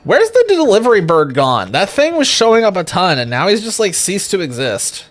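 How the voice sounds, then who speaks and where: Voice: wildly swooping pitch, moderate pace, faint music behind. A young adult streamer giving jokey live commentary while playing a game, swearing casually and humming nonsense now and then. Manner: puts on a squeaky high voice for gags.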